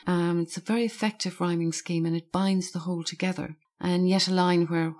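Woman, low voice, flat delivery, thoughtful, hesitant, poetry discussion. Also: brisk, few pauses. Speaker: poetry guest discussing a poem. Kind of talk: conversational literary discussion.

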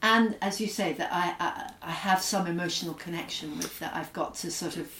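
A middle-aged woman with an English accent reflects in an interview, pausing and searching for words. Her voice sits fairly low. The recording is roomy and she sounds a little distant from the microphone. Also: a bit bright, a little hiss or hum. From Scotland. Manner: thoughtful, hesitant, with frequent fillers. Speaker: author, guest.

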